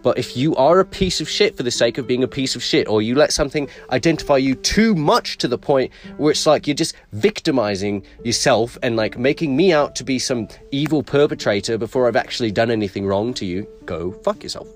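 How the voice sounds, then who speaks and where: A man's voice: medium pitch, expressive, fairly quick, hardly any pauses, soft background music. A young man co-hosting a crude comedy podcast in a put-on English accent, rambling, swearing constantly and laughing a lot. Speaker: podcast co-host.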